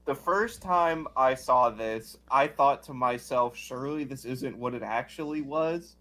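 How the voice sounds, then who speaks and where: Man recounting in measured casual chat. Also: mid-range voice, bright, forceful tone.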